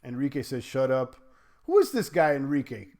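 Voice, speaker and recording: A man's voice: mid-range voice, big pitch swings, moderate pace, a little mellow. A man hosting a livestream, chatting loosely and reading viewer comments aloud. He rambles with many fillers and restarts and trash-talks trolls playfully. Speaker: crypto livestream host.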